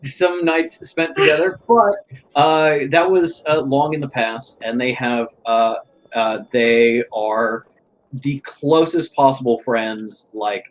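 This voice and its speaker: A man narrates a tabletop game as its game master. He talks slowly and haltingly, with many fillers, in a mid-range voice. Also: mid-range voice, low-quality recording. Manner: slow, hesitant, many fillers.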